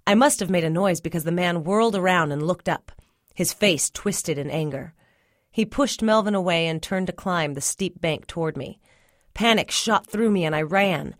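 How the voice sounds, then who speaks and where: Low-voiced woman reading a story. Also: no echo, clean studio sound. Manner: measured, first-person storytelling. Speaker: story reader. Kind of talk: storybook narration.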